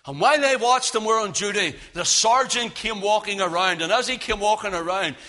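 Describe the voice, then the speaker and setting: A man preaching a fervent sermon, swinging between hushed warnings and loud cries. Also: high voice, a little fast.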